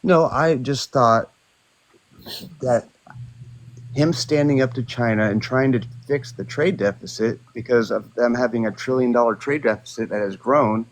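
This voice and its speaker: A man with a gravelly, fry-heavy voice argues politics as a livestream guest. He hesitates and restarts his sentences. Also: mid-range voice, normal speed. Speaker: debate guest. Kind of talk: casual political debate.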